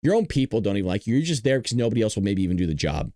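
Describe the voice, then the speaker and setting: A man hosts a political commentary show and speaks bluntly, swearing freely. His pitch swings widely as he goes. The sound is close and dry. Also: very fast, no room sound. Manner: blunt, profane, animated. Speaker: host.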